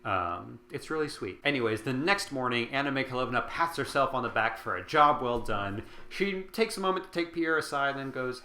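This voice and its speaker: A man's voice: mid-range voice, animated, moderate pace, hardly any pauses, pushed and bright. A tipsy man casually recapping a book, rambling with lots of fillers and swearing. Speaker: host. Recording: roomy echo.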